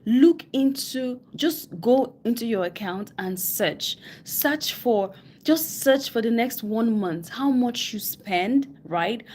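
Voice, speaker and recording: A woman's voice: fairly high pitch, a little mellow, a little hiss or hum. A woman giving personal finance advice as a coach on a live stream, with a West African English accent, stressing points by repeating phrases. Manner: emphatic, repeats key phrases, quotes people in mock voices.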